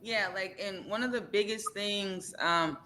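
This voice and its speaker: A woman guest on a live video-call podcast, introducing herself and chatting in an upbeat, energetic way. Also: mid-range voice, unhurried, a little hiss or hum. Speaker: podcast guest, nonprofit founder. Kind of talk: casual podcast chat.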